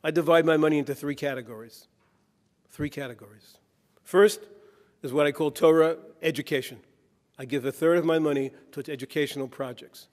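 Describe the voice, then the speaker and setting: A man's voice: fairly high pitch, steady tone, a little fast. Man giving a keynote in a reverberant hall. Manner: anecdotal, tells jokes with a preacher's cadence. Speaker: keynote speaker. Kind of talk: conference keynote speech. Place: conference hall. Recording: long reverb in a conference hall.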